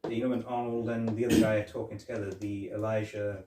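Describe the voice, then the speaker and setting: List: man, casual film chat, loose and halting, echoey room, distant mic. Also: on the low side, level tone, dark tone, a little hiss or hum. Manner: rambling, halting, many restarts and fillers. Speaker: podcast co-host.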